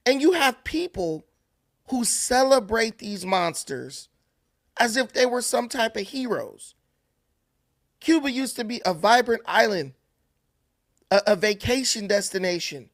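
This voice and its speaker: A man's voice: very high-pitched, sing-song, a little slow, long pauses, fairly bright tone, no room sound, studio quality. A man delivering opinion commentary in an emphatic, sarcastic, ranting way. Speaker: political commentator.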